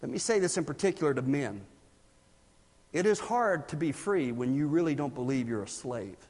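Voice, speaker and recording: A man from South Carolina, preaching a sermon as pastor and building to loud, emphatic bursts. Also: a little high, lively intonation, moderate pace. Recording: reverberant hall.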